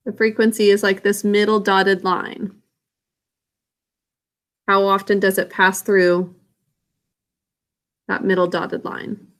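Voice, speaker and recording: A woman's voice: mid-range voice, flat delivery, slow, long pauses, fairly bright tone. Teacher woman talking through a lesson. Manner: casual, thinks aloud with self-corrections. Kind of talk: recorded classroom lesson.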